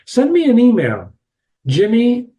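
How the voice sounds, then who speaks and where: A man's voice: very high-pitched, huge pitch swings, a little slow, warm tone. A man giving a reading lesson on a novel, talking straight to his listeners in a chatty, emphatic way. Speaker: literature teacher.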